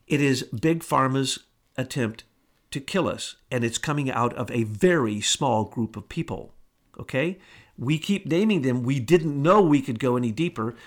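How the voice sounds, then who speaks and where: A man's voice: on the high side, a bit bright. A man hosting a talk show, delivering an emphatic, indignant monologue full of rhetorical questions.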